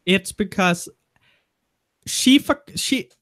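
A blunt, foul-mouthed man in his twenties chatting as a stream guest. His voice sits on the higher side and the sound is dry and close, with no room around it. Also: expressive, extremely slow, fairly bright tone, no echo. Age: 20s. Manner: blunt, crude, swearing storyteller. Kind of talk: casual banter on a livestream.

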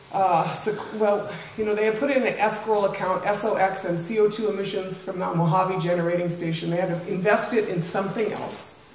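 A woman's voice: medium pitch, a little hiss or hum. An older woman giving an informal public talk with slides, chatty and full of asides and tag questions to the audience. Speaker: invited speaker. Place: lecture room. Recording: roomy, distant mic, faint ambience.

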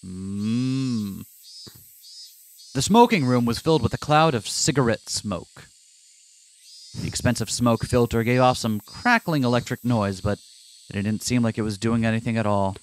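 A man hosts a let's play and reads the story text aloud, leaning into the drama of the lines. Between passages he drops into joking asides with his co-player. His voice sits at an everyday pitch. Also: measured pace, slight background noise. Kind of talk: reading a visual novel aloud with casual commentary.

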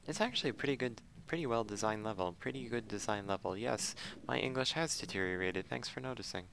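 A man's voice: on the low side, quick pace, gravelly, fairly bright tone, slight background noise. A man giving casual, rambling commentary while playing a video game, thinking aloud and poking fun at himself. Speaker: let's play commentator.

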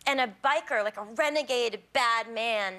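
A woman in her thirties telling a comic story as a talk show guest, animated and giggly, acting out the voices of people in it. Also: on the high side, moderate pace. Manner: animated, giggly, acts out quotes. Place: TV studio with audience.

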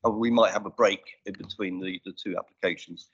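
Male committee chair, brisk procedural delivery on a desk mic in a council chamber, dull lo-fi stream. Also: deep voice, steady tone, a bit bright, breathy edge. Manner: brisk, businesslike with dry asides. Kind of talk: formal meeting procedure. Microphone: desk microphone.

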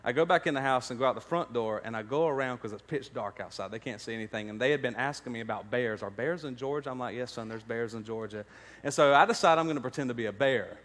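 A man's voice: medium pitch, fast, few pauses, fairly bright tone, long reverb tail. A man, preaching a sermon, telling stories and building to emphatic points. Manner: storytelling, rising to emphatic preaching. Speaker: pastor. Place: church sanctuary.

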